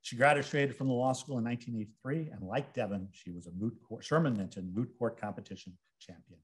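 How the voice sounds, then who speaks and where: A man's voice: mid-range voice, brisk, breathy edge. A man formally introducing a guest speaker at a ceremony, reading out her career. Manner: formal, reads credentials, occasional fillers.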